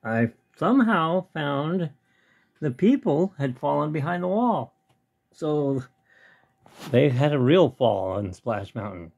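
A man with a mid-range voice talks casually into a webcam at home. He rambles and thinks out loud as he works on his hobby. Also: medium pitch, creaky. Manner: rambling, talks to himself while tinkering. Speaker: hobbyist vlogger. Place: home hobby room with model train layout.

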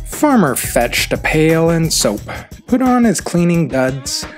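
Slow, expressive man reading a picture book. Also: medium pitch. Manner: expressive, rhythmic rhyming delivery. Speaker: children's book reader. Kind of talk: read-aloud storybook narration.

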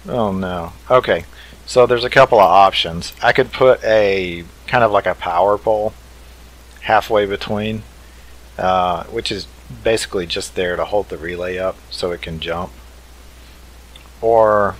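A man's voice: low voice, measured pace, rough recording. A man hosting a let's play, thinking aloud in an easygoing way as he builds. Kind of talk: casual game commentary.

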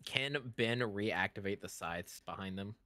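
A man playing in a tabletop game, relaxed and chuckling, with many fillers. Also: low voice, measured pace, no room sound, clean studio sound. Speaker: player. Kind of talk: casual tabletop play.

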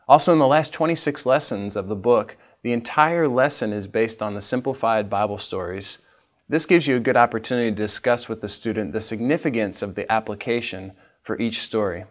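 A man's voice: lowish voice, brisk. A man teaching a literacy training session, patiently demonstrating each step for teachers. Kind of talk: instructional training talk.

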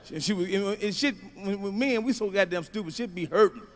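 A middle-aged male stand-up comedian doing a profane routine, swinging from low mutters to loud shouts. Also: fairly quick.

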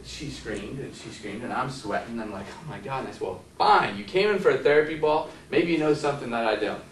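A man's voice: mid-range voice, a little fast, slight background noise. A man, a physical therapist, telling rambling anecdotes to a workshop audience and asking them questions. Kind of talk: anecdotal lecture to a live audience. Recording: echoey room from a distant mic.

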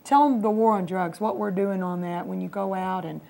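Lady with a gravelly voice co-hosting a church tv talk, nudging her husband along. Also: mid-range voice, steady tone, normal speed, dark tone. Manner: encouraging, prompts her husband to share. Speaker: co-host of a Christian TV program. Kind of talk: faith testimony chat. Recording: local cable TV studio.

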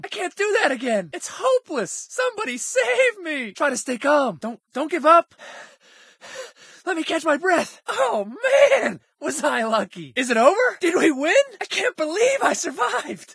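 A man voicing a panicky, cowardly ship crewman in a video game, yelling frantic combat lines. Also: very high-pitched, gravelly, no echo, studio quality, heavily acted. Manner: shouted frantic panicky outbursts. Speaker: game character.

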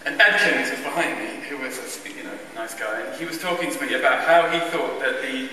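A man's voice: medium pitch, a little fast, crowd noise. A man telling a funny, self-mocking childhood story to a church audience, chuckling as he goes. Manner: wry, self-mocking, chuckling anecdotal delivery. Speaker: speaker at a church carol event. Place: large church. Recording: distant echoey church recording.

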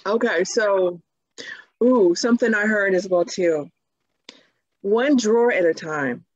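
A woman's voice: mid-range voice, slow pace, no echo. A woman in a casual group chat, gushing and flustered, full of exclamations. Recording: dull dry lo-fi sound.

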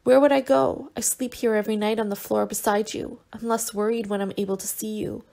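A woman reader voicing a tender young man who gently coaxes and teases his sick lover in an audiobook. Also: mid-range voice, fairly even intonation, brisk, vocal fry, natural voice. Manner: gentle and coaxing, with soft teasing.

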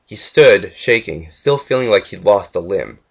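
A man's voice: on the low side, expressive, measured pace, creaky, husky. A young man earnestly reading a fan story aloud, with the odd stumble and restart. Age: young adult. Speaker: fanfiction reader. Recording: dull lo-fi home recording.

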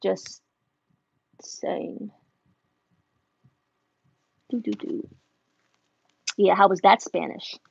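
A woman's voice: mid-range voice, fairly even intonation, drawn-out words, gravelly, long pauses, darkish tone, slightly rough, no echo, dull audio. A woman who runs an embroidery business, chatting casually as she answers viewer questions and switches between English and Spanish, laughing at herself. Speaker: embroidery business owner answering live chat. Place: home embroidery studio.

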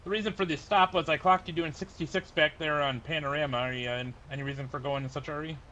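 A man plays a polite sheriff's deputy in a game roleplay, talking quickly with many hesitant pauses. His voice is bright, and it comes through a dull mic with a faint hiss. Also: on the high side, steady tone.

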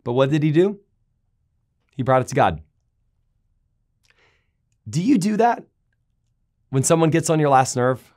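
Man preaching an animated sermon. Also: a little high, unhurried, pauses often. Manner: animated storytelling, raising voice for quoted complaints. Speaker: pastor. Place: large church auditorium.

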